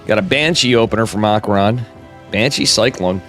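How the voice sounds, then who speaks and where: A man's voice: fairly low pitch, brisk, a bit bright, soft background music. Chatty man casting a live game. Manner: casual, chatty, talks to viewers, jokey asides. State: has a cold. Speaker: esports caster. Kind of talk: solo live game commentary.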